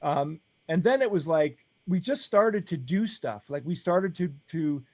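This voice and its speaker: A man's voice: a little high, animated, unhurried, darkish tone. A man co-hosting a casual livestream chat, speaking earnestly and openly about his feelings. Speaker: co-host.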